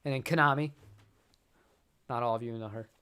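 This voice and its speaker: A man's voice: mid-range voice, normal speed, sharp tone, smooth. A man hosting a guitar channel, chatting casually on a live stream, rambling and repeating words and laughing often.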